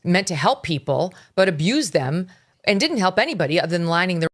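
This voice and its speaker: A woman's voice: lowish voice, sing-song, fairly quick. A woman commentating on the news in a conversational way, recounting events as she goes.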